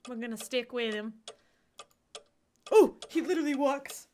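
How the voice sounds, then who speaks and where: A woman's voice: high-pitched, normal speed, warm tone, slight background noise. A woman in her thirties from the United States giving giddy, giggly livestream commentary on a game. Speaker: streamer. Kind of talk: let's-play livestream commentary.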